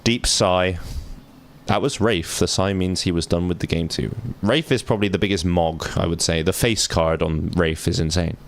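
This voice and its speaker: A man's voice: sits low, steady tone, moderate pace, vocal fry, slight background noise. A man streaming a game, chatting casually and joking while reading the game's text aloud. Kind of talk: casual gaming commentary.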